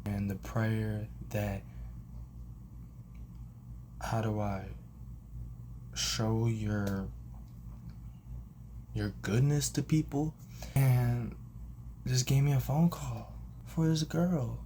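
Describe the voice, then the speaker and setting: A man's voice: medium pitch, extremely slow, long pauses, a little hiss or hum. A young man telling a personal story in a casual vlog, acting out the people he quotes with sudden jumps in voice. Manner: animated, acts out quotes with big jumps in voice. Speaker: vlogger.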